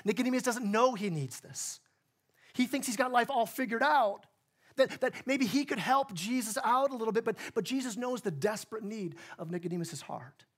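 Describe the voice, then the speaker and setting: A man's voice: very high voice, lively intonation, moderate pace, a bit bright, slightly rough. A male pastor giving a sermon in church, in a conversational way that keeps acting out the people in the story. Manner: conversational, plays out dialogue in voices.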